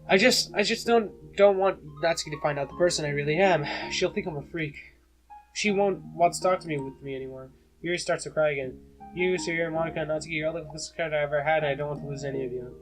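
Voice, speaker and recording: A shy, fragile schoolgirl who breaks down in tears as she speaks, put on by a man reading a game aloud. Her voice sits a little high and rushes along in soft, apologetic fits and starts, with guitar music playing underneath. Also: natural voice, rough recording. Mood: tearful. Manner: soft, halting, apologetic speech.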